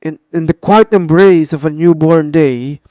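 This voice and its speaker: A man's voice: on the high side, dark tone, no room sound, muffled recording, close to an everyday voice. A man voicing a nervous male poet reciting, stumbling and restarting his lines. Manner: halting, stumbling over words. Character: nervous young male poet at an open mic.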